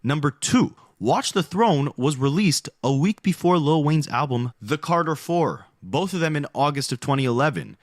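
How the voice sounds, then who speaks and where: A man's voice: on the high side, animated, dry recording, studio quality. A man narrating a scripted commentary video, laying out his points one by one. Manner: brisk, explanatory, listing points.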